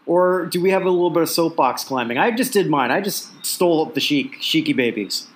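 A man's voice: on the high side, expressive, a little fast. A man hosting a sports podcast in casual chat, rambling and repeating words, chuckling often. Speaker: podcast host.

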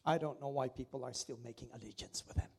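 Man, preacher, sermon, gravelly, husky, blunt and exhorting. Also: medium pitch, fairly even intonation, quick pace, darkish tone. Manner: blunt, exhorting, directs the congregation.

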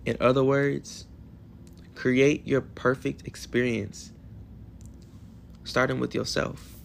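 A man in his twenties hosting a solo podcast in a hotel room, talking in an emotional, affirming way with animated bursts. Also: mid-range voice, takes it slowly, gravelly, a little hiss or hum. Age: 20s. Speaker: podcast host.

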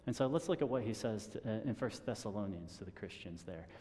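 A man preaching a sermon in a relaxed conversational way, chuckling at his own stories and often restarting his sentences. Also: on the low side, fast, in a large hall. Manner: conversational, self-deprecating with chuckles and repeated restarts. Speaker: pastor.

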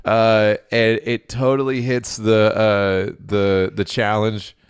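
A man's voice: fairly low pitch, flat delivery, clear, resonant tone, dry recording, studio quality. A young man co-hosting a podcast, chatting casually and then reading a story aloud with stumbles and restarts. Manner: halting, with many restarts while reading. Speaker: podcast co-host.

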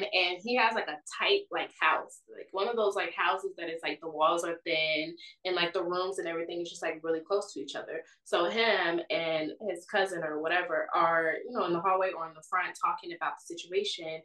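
A woman's voice: lowish voice, steady tone, a little fast, few pauses, a bit bright, echoey room, recorded from a distance, poor audio. Chatty young woman telling a storytime. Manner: chatty, constant fillers of "like" and "or whatever". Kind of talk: casual storytime.

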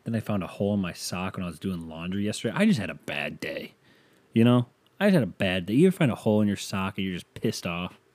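Low mellow-voiced man ranting casually. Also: expressive, fast. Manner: casual, profane, exasperated ranting with loud outbursts. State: tired, yawning. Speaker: podcast host. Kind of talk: solo podcast rant.

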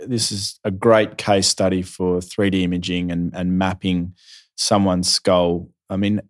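A man's voice: low-pitched, flat delivery, unhurried. A man interviewing a surgeon, prompting him with brief questions and short remarks.

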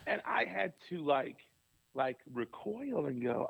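Animated laughing pastor, a man. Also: a little high, takes it slowly, gravelly, slightly rough, dull audio. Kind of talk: interview guest storytelling.

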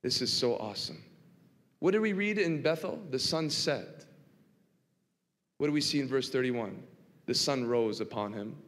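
A man preaching a sermon in a church, swinging from hushed to impassioned and asking the congregation rhetorical questions. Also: a little high, expressive, normal speed, long pauses. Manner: dramatic, swinging from quiet to impassioned. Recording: long reverb of a large hall.

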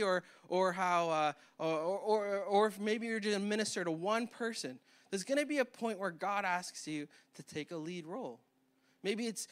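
A man's voice: sits high, a bit bright. A man preaching a sermon as pastor in a church, often repeating words and restarting his sentences. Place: church hall.

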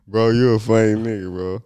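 A man's voice: lowish voice, steady tone, normal speed, a crowd in the background. A man co-hosting a casual podcast, laughing often and acting out his own reactions as he retells a story. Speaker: podcast co-host. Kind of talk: casual chat.

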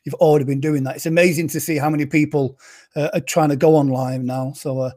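This is a chatty, joking man hosting a relaxed show, with a mellow, warm voice that sits a little high for a man. He keeps things light and reads out what viewers write in. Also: quick pace. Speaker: podcast host. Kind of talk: casual chat.

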